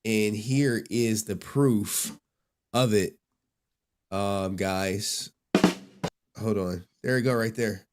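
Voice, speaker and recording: A man's voice: fairly low pitch, very slow, long pauses, a little hiss or hum. A man hosting his stream, reacting in short laid-back remarks before showing something to his viewers. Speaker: streamer host. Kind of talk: casual chat.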